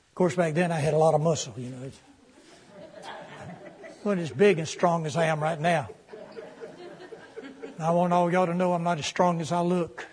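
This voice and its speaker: A pastor telling a story in a sermon, in a folksy, animated way with touches of humor. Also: male voice, a little high, moderate pace, pauses often.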